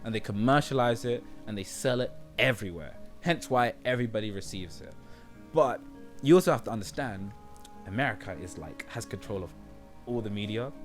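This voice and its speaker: A man's voice: lowish voice, a little fast, soft background music. A young man with a British accent rambling in a casual monologue to his viewers, often checking whether he is understood. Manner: rambling, often asks "do you know what I mean". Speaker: YouTube creator.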